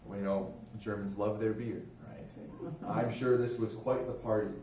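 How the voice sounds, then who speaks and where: A man's voice: fairly low pitch, little pitch movement, measured pace, mellow. Chatty young airman talking in a roomy hall. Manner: chatty, asks the audience questions. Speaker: religious affairs airman giving a talk. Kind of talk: informal history talk to a museum audience. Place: museum room. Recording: roomy hall, distant mic, faint noise.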